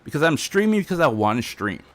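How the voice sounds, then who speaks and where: A man's voice: fairly high pitch, very animated, fast talker. A man streaming a defiant, heated rant, repeating himself as he talks. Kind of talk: ranting livestream monologue.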